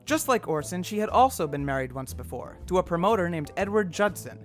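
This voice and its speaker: A man reads scripted podcast narration with a dry, deadpan touch. His voice sits somewhat high, with faint music behind. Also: brisk.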